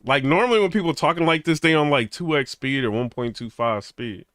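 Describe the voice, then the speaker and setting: A man's voice: fairly high pitch, brisk, fairly bright tone, clean tone, no room sound, studio quality. A man hosting a reaction channel, talking loose and slangy and joking between clips. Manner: loose, joking, slangy, full of put-on quotes. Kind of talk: casual reaction commentary.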